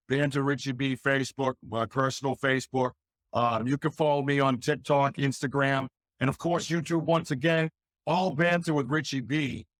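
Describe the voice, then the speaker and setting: A man who hosts a paranormal podcast, appearing as a guest and talking energetically and excitedly in a casual interview. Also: medium pitch, no echo.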